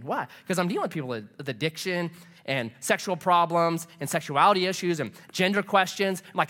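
A male pastor preaches with an animated, storytelling delivery. His voice sits high and swoops widely, with a bright, forceful edge. He keeps it conversational and lively. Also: a little fast. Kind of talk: sermon.

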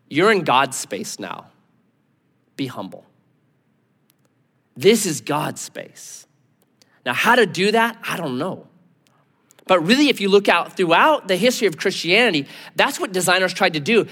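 A man preaching a sermon, acting out biblical figures in quick, lively asides. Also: high-pitched, in a large hall. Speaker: pastor.

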